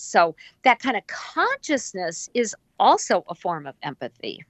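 A woman's voice: medium pitch, unhurried, few pauses, dry recording. A woman guest speaking in a casual interview, telling stories animatedly and acting out the voices of people she quotes. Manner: animated storyteller who acts out quoted voices and laughs often. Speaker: guest, empathic healer.

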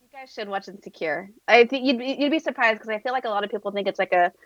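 Higher-voiced woman on a dull recording. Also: quick pace, dry recording. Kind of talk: casual chat.

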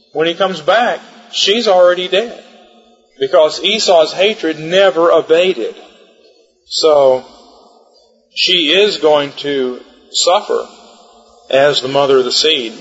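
Male Bible lecturer, emphatic and repetitive, husky, long hall reverb, dull audio. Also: on the high side, a bit bright. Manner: emphatic, explanatory, repeats key points. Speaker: Bible teacher.

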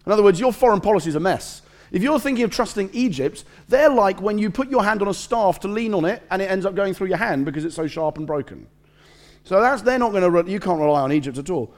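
A male preacher delivering a conversational, humorous sermon, reading passages and commenting as he goes. His voice sits a little high for a man and moves through a wide, animated pitch range. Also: fast talker. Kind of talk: lively sermon with dramatized readings.

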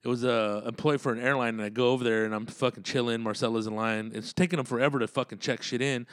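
A man's voice: mid-range voice, fairly even intonation, quick pace, no echo, studio quality. A man telling road stories in a casual, profane, rambling monologue and laughing often.

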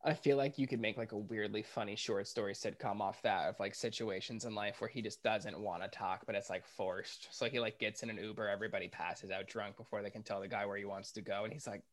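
A man's voice: on the low side, steady tone, fast, hardly any pauses. A man who is a guest on a podcast, chatting casually, joking around and swearing freely. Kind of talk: casual chat.

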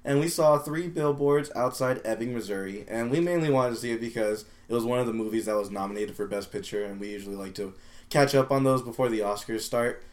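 A man's voice: mid-range voice, fast talker. A man co-hosting a podcast, chatting in a dry, laid-back way. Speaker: podcast co-host. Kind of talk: casual chat.

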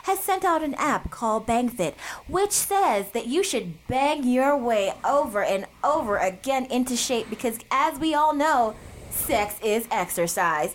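A woman's voice: a little high, lively intonation, measured pace, slight background noise. A woman co-hosting a casual comedic podcast, blunt and playful, laughing often. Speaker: podcast co-host.

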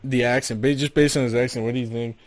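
A man's voice: mid-range voice, fairly even intonation, fast. A man, a comedian co-hosting a podcast, chatting casually in a rambling, self-interrupting way and laughing often. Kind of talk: casual banter.

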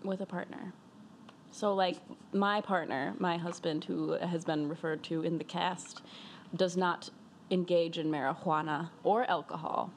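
A young woman co-hosting a casual podcast from an apartment, relaxed and profane, talking while high. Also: unhurried, slight background noise. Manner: laid-back, giggly, profane. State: high from smoking. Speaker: podcast co-host. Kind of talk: casual chat. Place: apartment in Chicago.

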